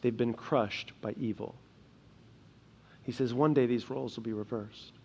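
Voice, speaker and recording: In a church sanctuary, a young adult male pastor preaches an earnest sermon, moving between quiet emphasis and loud, urgent passages. His mid-range voice is creaky with a steady tone and moderate pace, and there is slight background noise.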